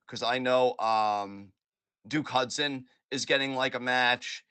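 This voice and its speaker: Bright, animated male podcast host. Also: mid-range voice, slow, smooth, dry recording. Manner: animated, profane, acts out imagined dialogue. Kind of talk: casual chat.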